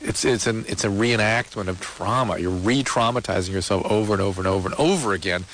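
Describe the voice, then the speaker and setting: A man's voice: lowish voice, quick pace, a bit bright, slight background noise. A man co-hosting a call-in radio show, giving direct advice and asking callers probing questions. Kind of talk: casual radio advice talk.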